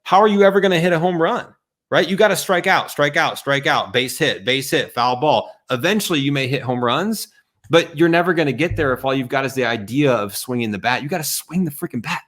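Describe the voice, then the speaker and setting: A man's voice: on the high side, a little fast, fairly bright tone. A man, a guest on a live stream, giving a fired-up motivational talk that bluntly calls out excuses over a video call.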